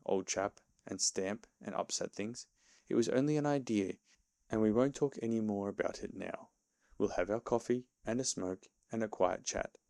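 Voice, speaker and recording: Toad, a man voicing a boastful gravelly toad. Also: fairly low pitch, darkish tone, no echo, clean studio sound. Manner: eager and self-satisfied, then anxious. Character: boastful excitable male toad gentleman.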